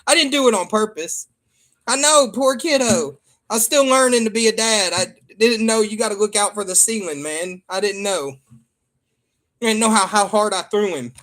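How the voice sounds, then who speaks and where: A man's voice: sits high, moderate pace, a bit bright. A man with a Southern American accent chatting casually to viewers as a father and streamer, joking and trailing off with ums. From Michigan. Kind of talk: casual rambling chat to viewers.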